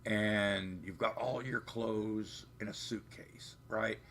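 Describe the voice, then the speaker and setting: A man's voice: fairly low pitch, steady tone, takes it slowly, a bit bright. A man hosting a livestream from home, chatting in a rambling, profane, meandering way. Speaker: livestream host. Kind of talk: rambling live-stream chat. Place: home, off camera.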